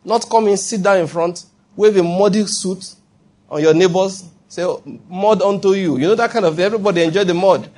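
A man preaching a sermon as pastor, animated, acting out quoted voices and checking in with the congregation. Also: sits high, brisk.

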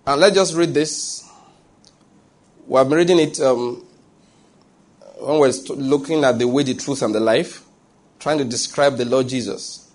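A man's voice: mid-range voice, unhurried, pauses often. A man preaching a sermon who reads scripture aloud and keeps asking his listeners whether they follow.

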